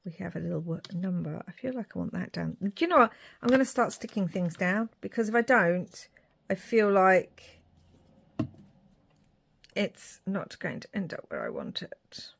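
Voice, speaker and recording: A woman's voice: mid-range voice, very animated, moderate pace, vocal fry, breathy edge. A woman from Ireland chatting casually while making a craft project, muttering asides to herself. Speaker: craft vlogger.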